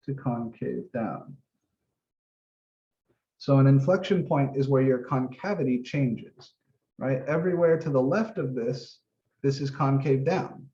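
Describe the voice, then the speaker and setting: A mid-range, dark-toned male voice belongs to a math instructor giving a casual office-hour lesson. He thinks aloud while drawing, explaining step by step with the occasional mild swear. The recording is roomy, dull and lo-fi.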